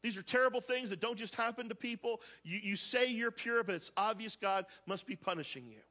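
A pastor preaching a conversational sermon, reading scripture aloud and asking the congregation questions. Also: male voice, high-pitched, fairly quick, sharp tone.

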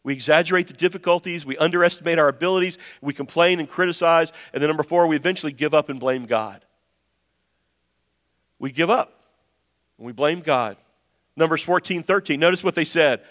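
A man's voice: a little high, lively intonation, fairly quick, a bit bright. A man preaching a sermon as a pastor, building to emphatic, impassioned points. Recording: long hall reverb.

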